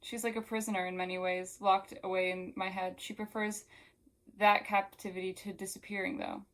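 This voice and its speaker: A woman reading aloud as a gentle alien woman inside a human body, talking calmly and wistfully. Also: mid-range voice, moderate pace, lightly acted.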